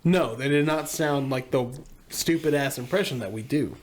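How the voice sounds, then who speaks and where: A man's voice: medium pitch, normal speed, a little hiss or hum. A man co-hosting a casual podcast, joking crudely and laughing often. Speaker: podcast co-host. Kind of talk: casual chat.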